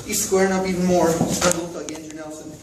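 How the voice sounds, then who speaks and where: A man's voice: high-pitched, level tone, racing. Rambling young man telling a goofy story. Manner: rambling, laughs, slangy asides. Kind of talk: casual comic storytelling. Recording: echoey distant room with noise.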